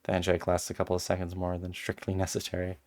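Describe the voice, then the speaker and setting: Low-voiced male streamer narrating a game aloud, quick to break into exasperated commentary. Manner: animated, exasperated asides. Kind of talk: reading a visual novel aloud with live commentary.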